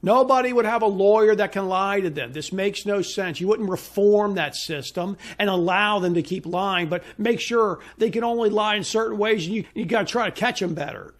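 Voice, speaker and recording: A man giving an indignant, insistent solo opinion monologue as a commentator. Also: sits high. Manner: indignant, ranting; emphatic, insistent.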